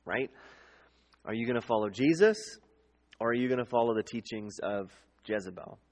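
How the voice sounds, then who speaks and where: A male preacher talks through scripture in a loose, chatty teaching style at a middle pitch. He keeps checking in with the listeners, asking "right?" between points. His voice carries a long reverb, like a big hall. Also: expressive, moderate pace. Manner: conversational, frequent "um" and "right?" tags. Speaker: pastor. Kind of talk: sermon teaching.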